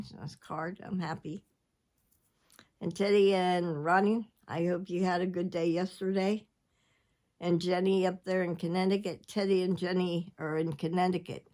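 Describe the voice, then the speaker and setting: Speaking in a lowish, slightly mellow voice, this older woman rambles through a chatty vlog. She keeps the talk casual and jumps from subject to subject as she addresses her viewers.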